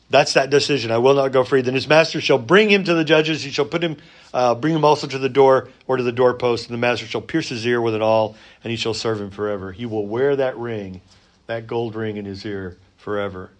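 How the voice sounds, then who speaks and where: A man preaching a sermon in a conversational way, rising for emphasis and dropping to soft asides. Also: mid-range voice. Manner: conversational, many fillers and restarts. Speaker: pastor.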